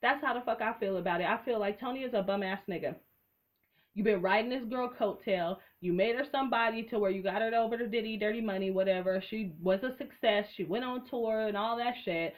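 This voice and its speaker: A woman's voice: medium pitch, brisk. A young woman giving a casual, blunt and profane commentary, full of sassy asides. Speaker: reality TV commentator.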